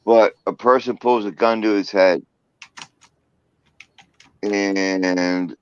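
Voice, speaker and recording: A man's voice: on the low side, fairly even intonation, takes it slowly, clear, resonant tone, lo-fi sound. A man speaking earnestly on a livestream panel, flustered and pleading, with many ums and uhs.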